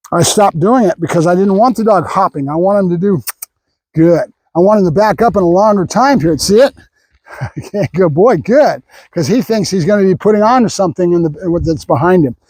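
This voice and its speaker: A man's voice: high voice, a little mellow, dry recording, low-quality recording. An older man, a professional dog trainer, talking through a training session in a rambling, opinionated way and breaking off now and then to praise the dog. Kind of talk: training vlog with running commentary.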